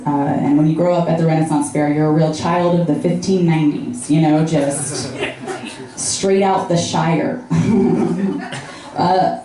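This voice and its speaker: Young female stand-up, low mellow voice, wry and self-mocking, echoey club. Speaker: stand-up comic. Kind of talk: stand-up set.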